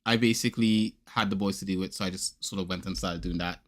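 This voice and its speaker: A man hosts a podcast, chatting casually about his day and acting out voices in his anecdotes as an animated storyteller. He's an adult father of young boys, with a low voice and a quick pace.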